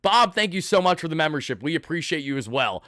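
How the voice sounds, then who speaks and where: A man's voice: a little high, sing-song, a bit bright, no room sound, clean studio sound. Hyped man hosting a postgame stream. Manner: hyped, rapid thank-yous to donors. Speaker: sports channel host.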